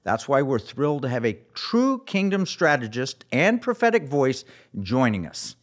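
A man's voice: mid-range voice, sing-song, normal speed. A middle-aged man hosting a radio talk show, with an emphatic, scripted delivery.

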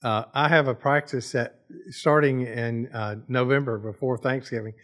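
A man's voice: mid-range voice, fairly even intonation, normal speed, fairly bright tone. A man appearing as a guest author on a faith talk show, speaking earnestly and reflectively. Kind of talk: casual chat.

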